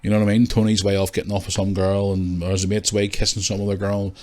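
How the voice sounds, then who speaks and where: A man hosting a casual solo podcast, rambling, candid and quick to swear. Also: fairly low pitch, little pitch movement, a little mellow. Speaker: podcast host.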